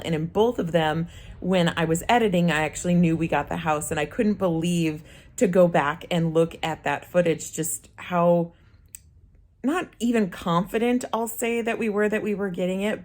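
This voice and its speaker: Low-voiced woman chatting to camera. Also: darkish tone. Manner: chatty, storytelling with laughs and restarts. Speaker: vlogger. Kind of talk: casual chat to camera.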